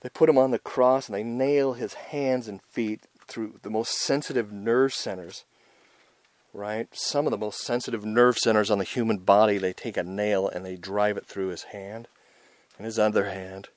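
A man delivers an informal sermon in a somewhat low voice, intense and conversational, swelling louder when he stresses a point and dropping low in between. The recording is dry and close, with no room sound. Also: steady tone, normal speed, no room sound. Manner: intense and conversational, rising loud on emphasis, frequent "right?" and "man". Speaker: preacher and show host.

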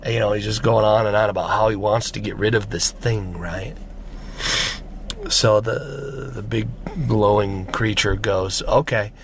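A man's voice: lowish voice, steady tone, unhurried, a little hiss or hum. A man preaching a conversational sermon, often checking in with his listeners.

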